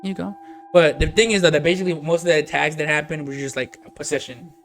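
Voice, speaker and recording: A man's voice: on the high side, steady tone, quick pace. A man co-hosting a podcast, telling a story in rambling casual chat, laughing often and swearing freely. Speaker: podcast co-host.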